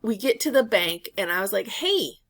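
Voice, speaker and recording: Gravelly-voiced woman telling a story. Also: mid-range voice, a little fast. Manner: rambling storyteller with many "like" fillers. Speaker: reseller vlogger. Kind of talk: casual storytelling chat.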